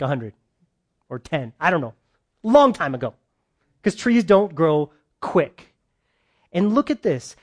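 A man delivers a casual, talky sermon in a voice sitting a little above the usual male range. He keeps checking in with his listeners through quick questions and moves between loud emphasis and hushed asides. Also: sits high. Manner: chatty, asks listeners questions, swings between loud and soft. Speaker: preacher. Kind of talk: conversational sermon.

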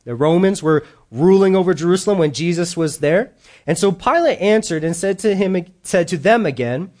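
A male pastor preaching a sermon in an animated way, acting out the quoted voices. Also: high voice, normal speed.

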